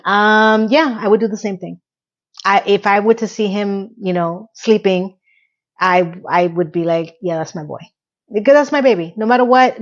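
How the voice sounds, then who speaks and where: A middle-aged woman recapping a TV episode in a chatty, emotional solo vlog. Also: muffled recording. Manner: chatty and emotional, with quick rises in pitch. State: tearful. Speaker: TV recap vlogger.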